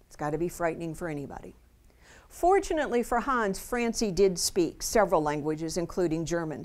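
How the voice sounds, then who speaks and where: In a school assembly room, a woman giving a Holocaust education talk tells students a true story, earnest and vivid, and speaks to them directly. Her voice is fairly low, darkish, expressive, and a little fast.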